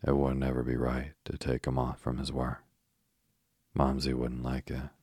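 A man's voice: rumbling low, completely flat delivery, normal speed, darkish tone, slightly rough, no room sound. A man reading as a caring eldest sister. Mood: anxious. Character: young girl, eldest sister, caring and resourceful.

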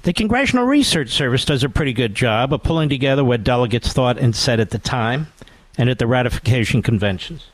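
A man's voice: mid-range voice, animated, quick pace, no echo. A man hosting a talk radio show, delivering a combative, sarcastic monologue and mocking others in put-on voices.

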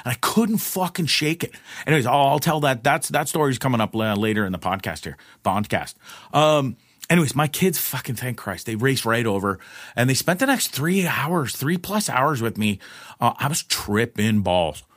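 A middle-aged man tells a story on his podcast in a loose, rambling monologue. He swears freely, laughs often and jumps into other people's voices. His voice sits at an ordinary pitch in a dry, close recording. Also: lively intonation, normal speed, a bit bright, no room sound. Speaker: podcast host.

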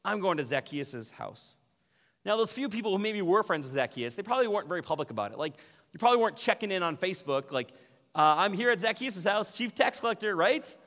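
A man preaching a sermon as pastor, animated, often acting out quoted voices. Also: high-pitched, fast. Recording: long hall reverb.

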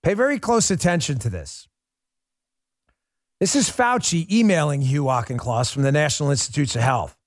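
With a fairly high, expressive voice at a moderate pace, a man hosts a political talk show in a dry, clean studio recording. He addresses listeners as "folks" in a passionate monologue full of rhetorical questions.

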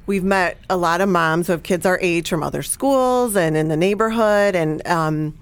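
A woman's voice: on the low side, normal speed, clean tone. A middle-aged woman from the Chicago area, a podcast guest in a casual chat, enthusiastic and gushing. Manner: enthusiastic, gushing, with lively swings.

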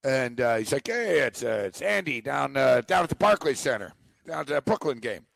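A man's voice: medium pitch, big pitch swings, moderate pace, vocal fry, a bit bright, no echo. A man co-hosting a sports talk show, telling a long rambling story and acting out a phone call. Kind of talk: casual chat.

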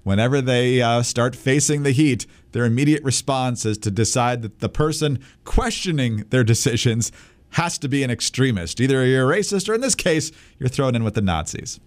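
A man's voice: mid-range voice, animated, moderate pace. A man co-hosting a political talk show in a dry, sarcastic way. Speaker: podcast co-host. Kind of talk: casual political commentary.

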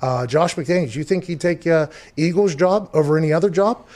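A man's voice: a little high, fairly quick, darkish tone. A man hosting a sports talk show, rambling and emphatic in casual chat, swearing freely.

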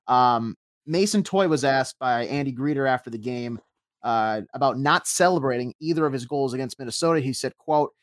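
A man's voice: medium pitch, no room sound. Man recapping a soccer match. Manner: measured play-by-play recap with many fillers. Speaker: soccer podcast host. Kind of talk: casual sports recap.

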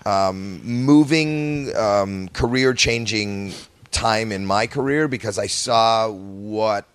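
Older canadian guy, kinda low voice, rambling self-deprecating stories, dry close sound. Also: slow, clean tone, no room sound. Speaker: guest comedian. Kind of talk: casual podcast chat.

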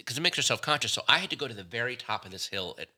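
Guy co-hosting a chat, mid pitch, super bright sound, laid-back self-mocking stories. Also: animated, racing, slightly rough. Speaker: podcast co-host. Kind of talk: casual chat.

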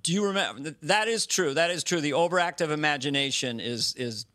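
A man appearing as a comedian guest over a video call, chatting casually as a playful, animated storyteller. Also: on the high side, fairly quick. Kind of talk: casual talk show chat.

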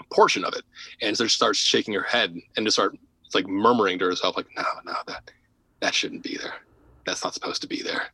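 A man guest on a podcast telling a story in casual, animated talk, often laughing, repeating words and dropping to a hush at tense moments. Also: on the low side, no room sound, rough recording. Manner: drops to a hushed voice for tense moments. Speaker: podcast guest, paranormal investigator.

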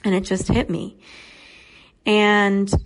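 A woman's voice: medium pitch, level tone, slow. A woman in her thirties, a podcast guest, telling a personal story in an earnest, reflective way. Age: 30s.

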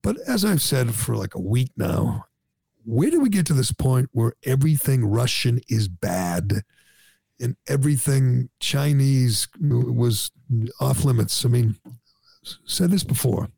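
A man's voice: medium pitch, expressive, measured pace, gravelly, darkish tone, slightly rough, dry recording. A man hosting a talk show, ranting in an indignant, sarcastic way. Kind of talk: opinionated talk radio chat.

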